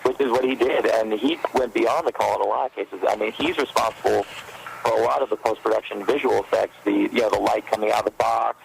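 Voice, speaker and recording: A man, a fan filmmaker guest, telling stories in a rambling, animated way during a casual interview, with a gravelly voice. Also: lowish voice, a little fast, noisy background.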